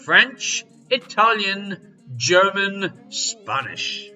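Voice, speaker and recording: A man hosting a live-streamed online quiz from home, reading questions and answers with jokey, showy patter and sudden loud calls. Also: sits high, sing-song, drawn-out words, soft background music, low-quality recording. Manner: jokey, showy quizmaster patter with big swings in loudness. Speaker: quiz host.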